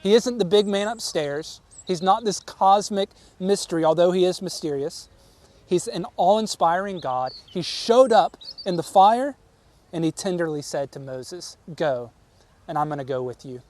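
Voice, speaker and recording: A man's voice: high-pitched, expressive, measured pace, darkish tone, no room sound. A man preaching a sermon, earnest and emphatic, often repeating words as he presses a point. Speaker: pastor.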